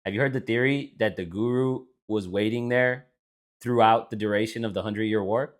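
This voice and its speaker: A man's voice: lowish voice, steady tone, normal speed. A man co-hosting a casual podcast chat, rambling and swearing, with frequent restarts. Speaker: podcast co-host.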